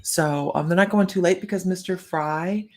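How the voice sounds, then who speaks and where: A woman's voice: lowish voice, normal speed, a little mellow. A woman hosting a psychic live stream, telling stories in a bubbly, rambling way and laughing often. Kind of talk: casual live-stream chat.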